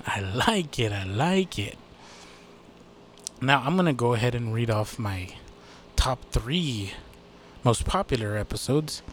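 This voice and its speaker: A man's voice: medium pitch, a little hiss or hum. A man hosting his own podcast in a rambling, casual way, swearing freely and joking at his own expense. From United States. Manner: rambling, profane, self-deprecating, many fillers. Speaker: podcast host. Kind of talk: casual solo podcast chat.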